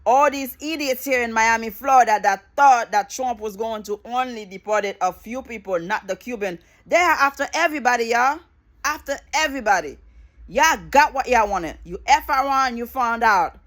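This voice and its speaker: A middle-aged woman speaking in a fairly high voice, ranting straight to camera. She is fired up and emphatic, hammering her points with repetition and blunt swearing. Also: moderate pace, fairly bright tone. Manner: angry, emphatic, repeats phrases, swears. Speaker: vlogger. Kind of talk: impassioned political rant to camera.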